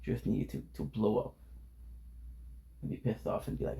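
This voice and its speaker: A man with a gravelly, low-fry voice vents casually to his camera. His talk is frustrated and full of swearing, and he circles back over the same words again and again. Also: moderate pace, dark tone, slight background noise, low-quality recording. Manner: frustrated, swearing, repeats himself. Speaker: vlogger. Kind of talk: casual venting vlog.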